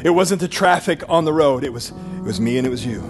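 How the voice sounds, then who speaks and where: A man preaching a sermon as pastor, animated, swinging between loud bursts and low, intimate passages. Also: fairly quick, soft background music.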